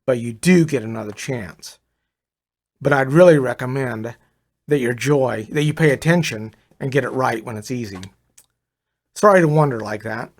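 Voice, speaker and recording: A man's voice: mid-range voice, moderate pace. Older man reading his own story aloud. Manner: confiding, addresses listener as brother. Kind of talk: first-person story reading.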